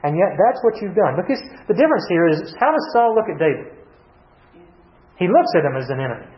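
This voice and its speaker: A man's voice: sits high, very animated, quick pace. A man preaching a conversational Bible sermon, earnestly repeating key phrases and asking the congregation questions before answering them. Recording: echoey dull-sounding room recording.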